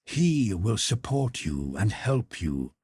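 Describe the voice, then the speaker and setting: A man's voice: on the low side, big pitch swings, slow, darkish tone, slightly rough, no room sound, clean studio sound, heavily acted. A man voicing a pious, ecstatic older countess who consoles in a fervent, preaching manner. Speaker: character in audiobook.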